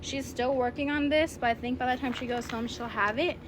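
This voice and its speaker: Friendly woman dog trainer, fairly high voice. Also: fairly even intonation, brisk, noisy background. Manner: friendly, explanatory, with fillers; switches to a high, sing-song praise voice with the puppy. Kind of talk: instructional video for a puppy's owners.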